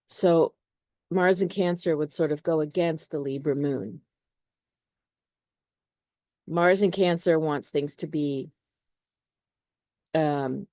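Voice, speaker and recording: Woman astrologer, mellow and somewhat low, casual, hedgy delivery. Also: no echo. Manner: hedging, uses many "sort of" and "you know". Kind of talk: casual spoken explanation.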